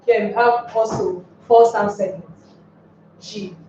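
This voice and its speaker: Slow, echoey woman teaching stress rules. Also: medium pitch, darkish tone, slight background noise. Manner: spells words out and asks rhetorical questions. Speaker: English teacher. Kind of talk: classroom lecture on word stress. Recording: distant, echoey, dull lo-fi room sound.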